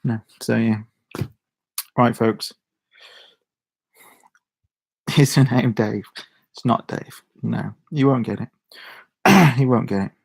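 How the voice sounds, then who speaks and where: A young Shropshire man chats casually to his YouTube viewers, rambling, restarting sentences and chuckling a lot. His medium-pitched voice is creaky and slightly rough, and he speaks slowly with frequent pauses.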